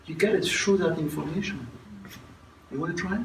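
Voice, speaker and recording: A man coaching a group in a training room, animated and demonstrative in his delivery. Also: a little high, moderate pace, creaky. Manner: animated, exaggerates emotions in demonstrations. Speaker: leadership coach. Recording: echoey room from far off, noisy.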